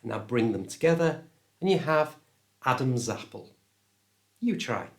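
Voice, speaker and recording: A man with a British English accent teaching pronunciation, speaking slowly and clearly so learners can repeat the words after him. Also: on the high side, very animated. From England. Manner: slow, clear and deliberate, modelling words for repetition. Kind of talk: pronunciation lesson to camera.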